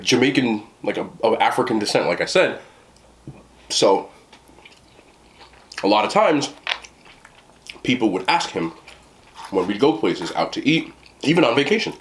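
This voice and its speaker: An American man in casual storytelling to the camera, talking in a rambling way with many fillers and restarts. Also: medium pitch. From United States. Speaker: food vlogger.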